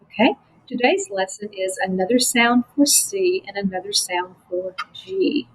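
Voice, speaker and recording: A woman teaching a phonics lesson to children, slow, patient and encouraging. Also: medium pitch, sing-song, slightly rough, poor audio.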